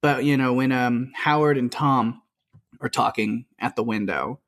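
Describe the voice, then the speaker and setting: A man's voice: mid-range voice, measured pace, fairly bright tone. A man co-hosting a podcast, chatting loosely about a film and retelling its scenes with lots of quoted dialogue and fillers. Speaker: podcast co-host. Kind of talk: casual film discussion.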